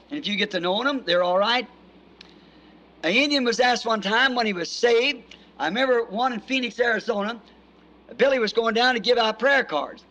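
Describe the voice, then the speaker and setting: A man's voice: sits high, sharp tone. A man preacher telling a rambling, chuckling anecdote in a folksy sermon, on a 1964 recording.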